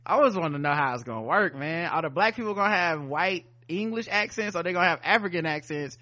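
A man's voice: a little high, animated, fast, sharp tone, muffled recording. A man co-hosting a casual podcast chat. He laughs often and reads listener comments aloud. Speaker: podcast co-host.

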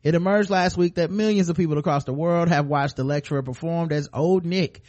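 A man's voice: on the high side, brisk, a little mellow, muffled recording. A man co-hosting a comedy podcast, reading a news story aloud and breaking off for crude jokes. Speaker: podcast co-host. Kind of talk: comic news read with banter.

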